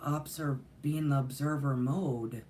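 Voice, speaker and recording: A woman's voice: a bass voice, steady tone, takes it slowly, mellow, a little hiss or hum. Woman, spiritual teacher, casual monologue, rambling with fillers. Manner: rambling, earnest, many fillers and restarts. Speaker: spiritual teacher and channel host.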